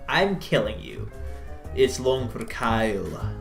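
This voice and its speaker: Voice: medium pitch, lively intonation, measured pace, fairly bright tone, faint music behind. A streamer giving casual, joking, sarcastic commentary while playing a cozy game. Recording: roomy echo.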